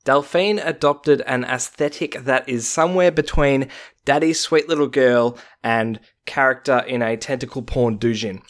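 A man's voice: mid-range voice, moderate pace. A young Australian man co-hosting a casual podcast, wryly reading out researched stories with jokes mixed in. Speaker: podcast co-host.

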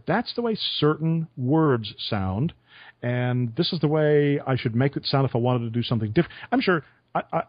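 A man's voice: medium pitch, breathy edge, no room sound. Chuckling radio man, dry dull sound. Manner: storytelling with chuckles. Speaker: radio interviewer. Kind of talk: conversational podcast interview.

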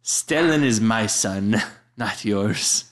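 A man's voice: lowish voice, animated, slow pace, heavy background noise. Flustered, giggly man, echoey room. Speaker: comedy podcast co-host playing a guest. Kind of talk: improvised comedy.

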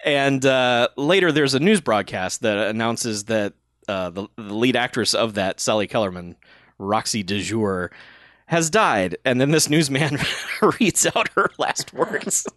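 A man's voice: mid-range voice, lively intonation, unhurried, fairly bright tone, dry recording, studio quality. A man chatting casually about a movie, blunt and sarcastic, laughing often and swearing freely. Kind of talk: casual movie review chat.

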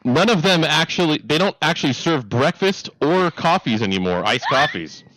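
A man's voice: on the high side, big pitch swings, moderate pace, fairly bright tone, no room sound, poor audio. A man on a casual comedy podcast, telling a laid-back, wry story.

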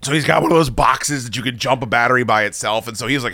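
A man's voice: medium pitch, fast talker, hardly any pauses, sharp tone, no room sound, clean studio sound. Rambling, foul-mouthed man telling stories. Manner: rambling, swears constantly, self-deprecating. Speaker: podcast host. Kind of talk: casual profane storytelling.

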